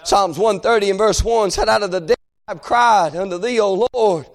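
Male preacher, very high voice, fervent sermon delivery that swells into shouts, peppered with amens. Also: moderate pace. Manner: calls out "amen" and "hey" between phrases.

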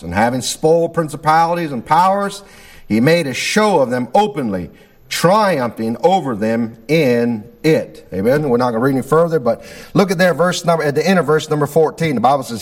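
High-voiced fervent preacher man. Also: lively intonation, fairly quick. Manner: fervent, repetitive preaching cadence, fillers of "amen" and "Lord God". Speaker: pastor. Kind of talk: sermon with spoken prayer.

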